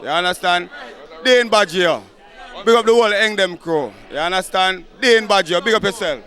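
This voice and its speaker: A man's voice: high voice, normal speed, bright, forceful tone. A man with a Jamaican accent, a party organizer, speaking earnestly to the crowd.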